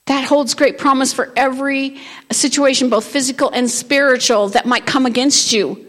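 A high-pitched woman preaching to her church, reading scripture and rising into bold declarations. Her delivery moves between quiet teaching and loud proclamation. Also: moderate pace. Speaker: pastor. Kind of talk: sermon. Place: church sanctuary.

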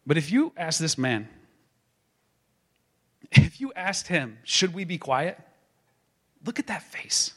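A man preaching a sermon as a pastor, building to emphatic proclaiming and then dropping to a hushed tone. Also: on the high side, big pitch swings, takes it slowly, long pauses.

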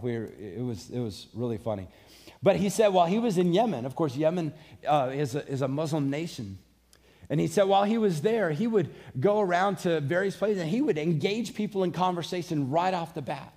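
A man's voice: on the high side, lively intonation, brisk, creaky, a little mellow. A man preaching a sermon, earnest and conversational, mixing scripture with personal stories. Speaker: pastor.

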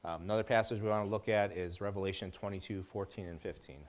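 A man's voice: lowish voice, steady tone, quick pace. A middle-aged man giving a casual Bible teaching in a conversational way, with joking asides and frequent restarts.

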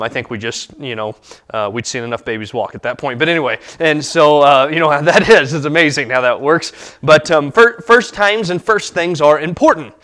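A man in his thirties preaching a sermon as pastor, pausing often with fillers and restarts. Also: medium pitch, pushed and bright. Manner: halting, many fillers and restarts.

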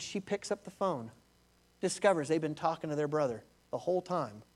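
Male pastor with a high, lively sermon delivery and a storyteller's energy. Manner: animated storytelling, addresses listeners as beloved.

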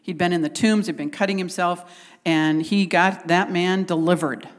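A woman's voice: fairly low pitch, fairly even intonation, normal speed, long reverb tail. A woman preaching a conversational sermon, retelling scripture and acting out the quotes with animation.

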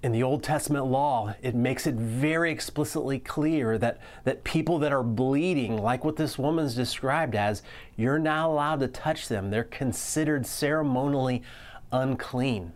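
Male pastor, sermon delivery, earnest, slows for emphasis. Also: mid-range voice.

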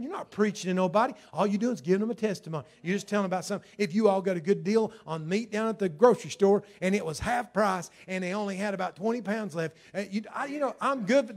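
A man preaching a fervent sermon as pastor, swinging from hushed lines to loud emphatic ones. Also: high voice.

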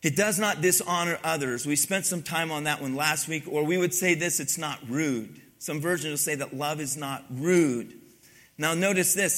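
Bright-voiced male pastor telling a story. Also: fairly high pitch. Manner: storytelling with raised excited quotes. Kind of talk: sermon.

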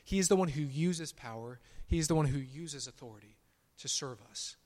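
A man's voice: a little high, normal speed. Man preaching in a reverberant church. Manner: emphatic preaching, rising for declarations and dropping for quiet asides. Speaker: pastor. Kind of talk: sermon. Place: church sanctuary.

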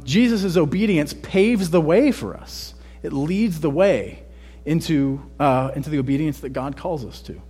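A man's voice: mid-range voice, dark tone, husky. A man from Texas, with no regional accent, preaching a sermon in a conversational way and often checking in with "right?". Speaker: pastor.

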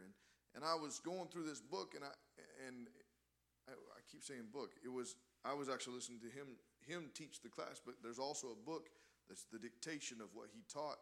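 A man preaching a sermon, impassioned, often swelling louder on key words and restarting his phrases. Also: mid-range voice.

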